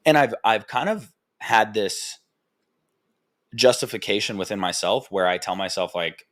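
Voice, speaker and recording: A young man with a low voice talks candidly into a podcast mic. He rambles, swears freely and leans on filler words as he works through his thoughts. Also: normal speed. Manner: rambling, frank and profane, full of "like" fillers. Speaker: podcast host. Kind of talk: candid personal podcast monologue.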